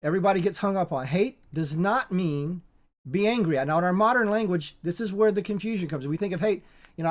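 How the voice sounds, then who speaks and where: Halting, repetitive informal Bible teacher. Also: medium pitch. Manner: halting and repetitive, with frequent restarts and emphatic repetition.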